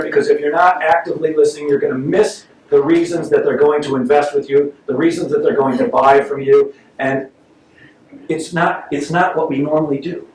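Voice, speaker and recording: A man giving a live sales seminar to an audience, joking and acting out little scenes in his stories. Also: on the high side. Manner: animated, joking, acts out voices in stories. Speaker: sales trainer giving a talk. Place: meeting room with audience. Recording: roomy, distant mic with faint noise.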